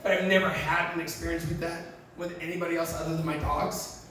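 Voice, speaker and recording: A man's voice: a little high, little pitch movement, a little fast, fairly bright tone. A man doing stand-up comedy, telling candid, profane and emotional stories to a live audience. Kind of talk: stand-up storytelling. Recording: echoey room, far mic, crowd noise.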